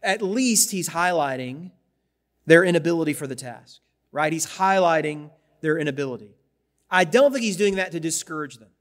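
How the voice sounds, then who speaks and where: A man's voice: fairly high pitch, lively intonation, moderate pace. A man preaching a sermon in a conversational way, repeating words and turning to the congregation with asides. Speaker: pastor. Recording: long hall reverb.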